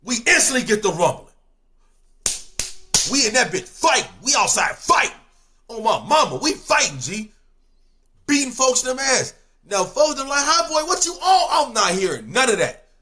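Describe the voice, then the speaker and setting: A young man telling a street story in casual slang, swinging between loud outbursts and low mumbles. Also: very animated, normal speed, pauses often.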